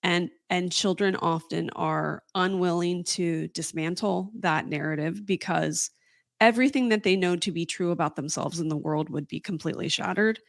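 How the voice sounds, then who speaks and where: A woman's voice: lowish voice, normal speed, gravelly, dry recording, clean studio sound. A woman guest on a podcast, chatting casually and giving confident, analytical opinions. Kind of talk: casual chat.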